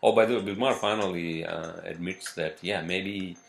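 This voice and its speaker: A man's voice: low-pitched, fairly even intonation, normal speed, gravelly, soft background music. A man hosting a solo podcast, rambling off-script with lots of cursing, fillers and restarts. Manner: profane, meandering, lots of fillers. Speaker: podcast host.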